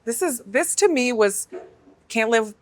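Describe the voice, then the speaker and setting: A woman as an interview guest, telling her story in an animated, emotional way and acting out the voices of people she quotes. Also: on the high side, measured pace, no echo.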